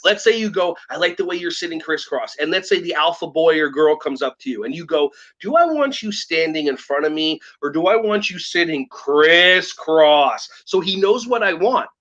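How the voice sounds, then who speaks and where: Brief: American man, excitable guest, high voice, acts out quotes. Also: moderate pace, few pauses, highs cut off. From United States. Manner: animated, acts out kids and teachers in quoted voices. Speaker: guest, behavior trainer for preschool teachers. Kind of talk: enthusiastic interview talk.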